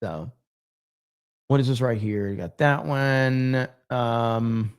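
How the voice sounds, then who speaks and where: A man's voice: mid-range voice, slow, clear, resonant tone. A man hosting a livestream, chatting casually and reading out viewer comments in a loose, profane, rambling way. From United States. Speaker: livestream host.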